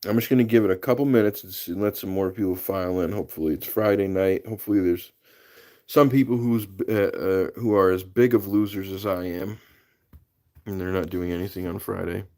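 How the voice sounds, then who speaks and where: New guy, kinda low voice, rambling live chat with viewers, laughs a lot. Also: fairly even intonation, fairly quick, mellow. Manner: chatty, laughs often, greets viewers by name. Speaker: livestream host. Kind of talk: casual live-stream chat.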